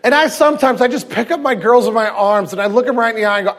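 A man in his thirties, a pastor preaching a sermon with lively storytelling, swinging from loud emphasis to hushed tenderness. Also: extremely high pitch, quick pace. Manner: acts out quoted voices and anecdotes.

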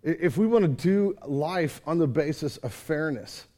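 Animated male pastor with a slightly high voice. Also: normal speed. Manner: conversational, asks the congregation questions; animated, acts out his own complaints to God. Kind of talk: sermon. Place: church service.

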